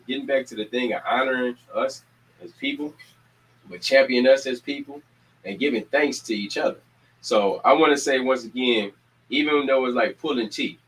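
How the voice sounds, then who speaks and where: With a lowish voice, an energetic man rallies his community in casual announcements as organizer and show host, leaning on preacher-style repetition and calls to action. The recording is low quality with slight background noise.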